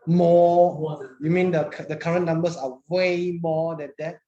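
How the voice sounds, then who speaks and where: A woman's voice: on the low side, fairly even intonation, measured pace, dark tone, muffled recording. A woman, teaching a class in a chatty manner, often repeating words and asking the class questions. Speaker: English teacher.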